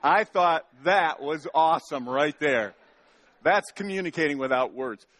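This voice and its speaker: A man's voice: fairly high pitch, expressive, unhurried, a bit bright. A male pastor preaching a sermon in a church, folksy and joking, often restarting his sentences. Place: church sanctuary.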